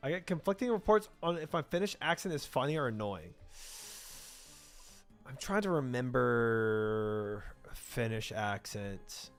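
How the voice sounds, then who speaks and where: A man's voice: medium pitch, a little slow, long pauses, faint music behind. A man streaming a game, chatting casually with his chat and rambling, then trailing off into mumbled talk about the game. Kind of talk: casual gameplay chat reading chat.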